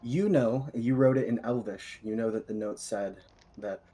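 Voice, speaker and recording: A man narrating a tabletop game as dungeon master, in a casual, measured way with fillers. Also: mid-range voice, warm tone.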